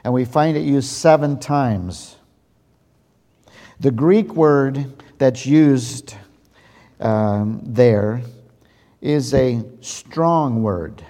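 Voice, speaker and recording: A man preaching a sermon as pastor, reading and explaining slowly and deliberately, stressing key words. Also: mid-range voice, dark tone. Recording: long hall reverb.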